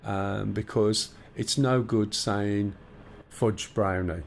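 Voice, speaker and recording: A streamer speaks slowly in a low, gravelly voice with a steady tone, his Black Country accent placing him in the English Midlands. In a casual live stream he banters with chat while walking through cockpit start-up steps, and the audio carries a little hiss or hum.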